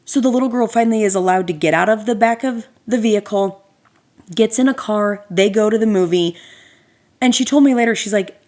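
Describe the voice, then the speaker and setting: A woman hosting a podcast, telling a story as a casual rant in an animated, sarcastic way with lots of fillers. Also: mid-range voice, moderate pace. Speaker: podcast host.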